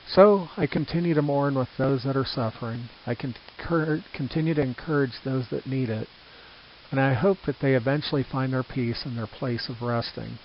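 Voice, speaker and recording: An older man reading his own reflective book aloud, earnest and measured, with small restarts. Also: medium pitch. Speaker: author narrating his book. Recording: slightly dull with faint hiss.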